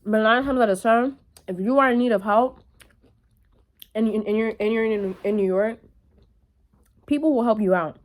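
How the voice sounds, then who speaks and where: A woman's voice: on the high side, normal speed, pauses often. A young woman vlogging to camera in a casual monologue, blunt and full of swearing, calling her viewers y'all.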